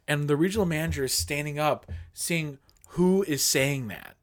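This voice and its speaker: A young man from the co-hosting a podcast, telling stories in casual banter and often breaking into loud laughing. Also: a little high, moderate pace, no echo, studio quality. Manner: loud and laughing when retelling shouted chants. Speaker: podcast co-host.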